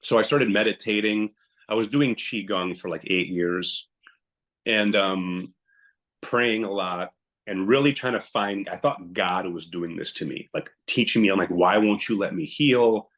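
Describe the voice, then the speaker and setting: A man's voice: deep voice, unhurried, fairly bright tone. A young adult man, a podcast guest, telling an emotional personal story in a blunt, emphatic way and often quoting himself.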